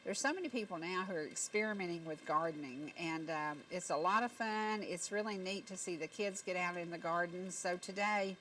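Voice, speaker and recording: A woman's voice: fairly low pitch, a little fast, few pauses, a bit bright, slight background noise, rough recording. A middle-aged woman with a Southern Appalachian accent, hosting a local talk show and telling folksy stories in country phrasing. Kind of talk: homespun talk show monologue. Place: TV studio set.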